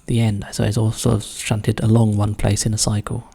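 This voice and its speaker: Male solver, dark husky voice, musing aloud and whispering clues to himself as he works. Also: on the low side, monotone. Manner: muses slowly, often muttering clues under his breath. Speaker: crossword solver. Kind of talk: thinking aloud while solving a puzzle.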